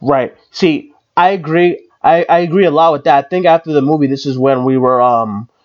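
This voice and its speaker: A man's voice: fairly high pitch, moderate pace. Casual male podcast host, dull lo-fi sound. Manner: rambling, with many fillers and restarts. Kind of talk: casual chat.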